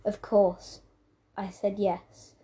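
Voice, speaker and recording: A woman reading a children's novel aloud, telling the story in a steady, plain way. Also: mid-range voice, very slow, a little hiss or hum. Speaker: audiobook reader.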